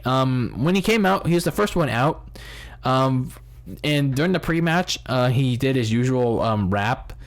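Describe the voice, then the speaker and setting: A man hosting a casual podcast review, rambling with many restarts, swearing and laughing at his own jokes. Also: a little high. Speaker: podcast host. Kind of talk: casual wrestling review chat.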